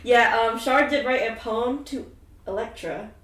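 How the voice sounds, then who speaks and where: A woman's voice: fairly high pitch, measured pace, fairly bright tone, far from the mic. A woman running a tabletop game as game master, chatty and laughing, often trailing off with fillers. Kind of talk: narrating a tabletop game with friends. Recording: echoey room, mic from afar.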